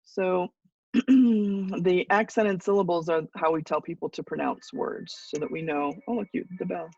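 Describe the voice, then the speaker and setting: A woman teaching a college English class, explaining patiently with pauses and now and then clearing her throat. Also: fairly low pitch, fairly even intonation, a little mellow, no room sound, muffled recording. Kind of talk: class lecture.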